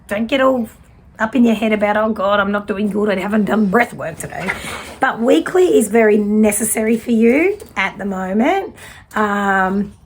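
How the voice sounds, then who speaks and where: A woman's voice: medium pitch, expressive, moderate pace, a little hiss or hum. A woman, giving a casual tarot reading in a fiery, direct way. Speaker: tarot reader.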